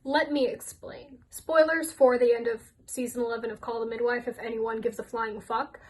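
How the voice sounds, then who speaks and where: Woman, high voice, casual rant, blunt, swears freely, laughs a lot. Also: fairly even intonation, normal speed, a little hiss or hum, rough recording. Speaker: YouTuber.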